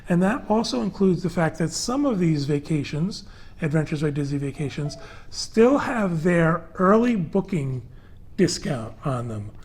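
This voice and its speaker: Chatty higher-voiced male host. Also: big pitch swings, measured pace, a little mellow, slightly rough. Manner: chatty, loose and conversational with many fillers; walks through prices and details step by step. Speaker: podcast host. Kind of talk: casual panel chat.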